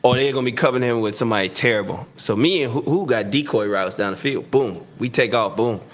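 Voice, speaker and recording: A man telling football stories in a casual interview, acting out quotes loudly and laughing often. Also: mid-range voice, fast. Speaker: retired football receiver, guest.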